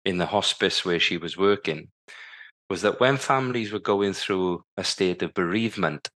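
A man's voice: sits low, normal speed, fairly bright tone. A man in his fifties, a podcast guest telling his story vividly and acting out the lines people said to him. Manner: vivid storyteller who acts out remembered dialogue. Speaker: guest, former Paralympic cycling champion.

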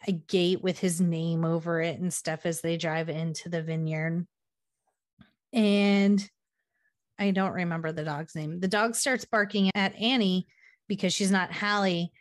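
A woman co-hosting a podcast, chatting casually about a movie and acting out the characters' lines. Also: fairly low pitch. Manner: animated, acts out quoted lines. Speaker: podcast co-host. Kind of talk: casual chat recapping a movie.

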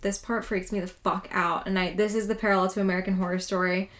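A woman's voice: medium pitch, level tone, fast, a bit bright. Woman podcast host, casual storyteller, chatty with swearing. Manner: casual, swears freely, lots of "like". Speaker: podcast co-host telling a true haunting story.

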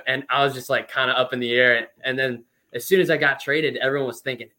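Guesting on a casual interview, this ex-professional baseball player in his twenties spins lively, chatty stories packed with fillers. His pitch is medium and his delivery brisk.

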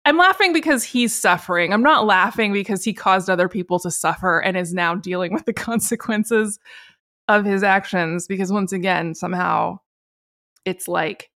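Woman co-host, casual chat, lively asides, frequent laughter. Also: mid-range voice. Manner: animated, laughs often, quick asides. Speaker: podcast co-host.

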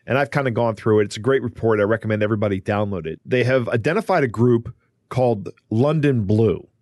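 A man's voice: on the low side, quick pace, darkish tone, dry recording, clean studio sound. A man co-hosting a podcast, explaining a news story in a casual, conversational way with some restarts. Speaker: podcast co-host.

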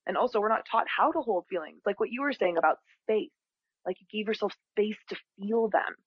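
Expressive woman on a dull, dry recording. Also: medium pitch, brisk, breathy edge, dry recording. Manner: expressive, acts out quoted voices. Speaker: spiritual teacher, podcast guest. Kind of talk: conversational interview.

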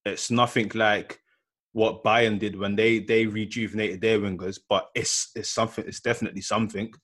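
A man's voice: fairly low pitch, level tone, moderate pace, fairly bright tone. A man chatting casually on a podcast, slangy and rambling. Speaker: podcast co-host. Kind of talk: casual chat.

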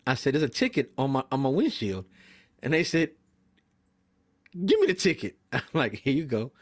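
A young man recalls his days delivering mail in a crude, spirited podcast story. He speaks at a medium pitch and quickly mimics the other people's words as he goes, keeping it casual.

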